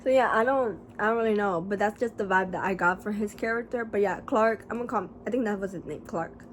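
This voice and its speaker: A woman talking casually as a book reviewer, rambling and animated, with lots of fillers and casual swearing. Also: medium pitch, fast talker, slight background noise. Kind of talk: casual chat.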